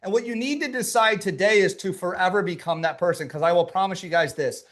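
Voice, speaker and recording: A man with a fairly high voice leads a live workshop as a business coach. He talks in an emphatic, punchy way, repeats his key lines for effect and addresses his listeners directly. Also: quick pace, fairly bright tone. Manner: emphatic, punchy and repetitive, speaking to a live chat. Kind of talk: motivational workshop talk.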